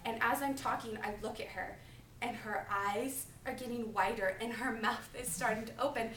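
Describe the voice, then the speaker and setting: A woman in her twenties giving a topical sermon as a preaching student, telling personal stories in a chatty, animated way full of "like". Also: fairly high pitch, moderate pace, slight background noise. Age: 20s. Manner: chatty, animated, filler-heavy with lots of "like". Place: classroom. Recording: echoey classroom, mic far off.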